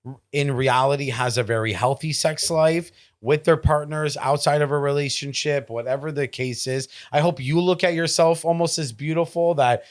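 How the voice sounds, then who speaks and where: A man's voice: fairly high pitch, fairly even intonation. Earnest man in casual chat. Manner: earnest, reacts with quick agreement. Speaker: podcast co-host.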